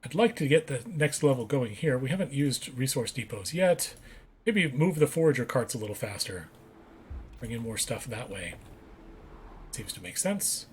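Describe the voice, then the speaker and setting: A man talks through a strategy game in a relaxed, casual way, reading out prompts and correcting his own words. His pitch moves a lot, rising and dipping as he reacts, with a faint hiss of noise behind him. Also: moderate pace. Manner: reads on-screen text aloud, corrects himself. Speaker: let's play gamer. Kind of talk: casual gameplay commentary.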